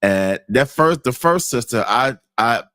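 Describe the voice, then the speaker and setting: A man hosting a casual chat, speaking in a halting, conversational way and repeating words. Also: mid-range voice, expressive, fairly bright tone, dry recording. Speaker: host.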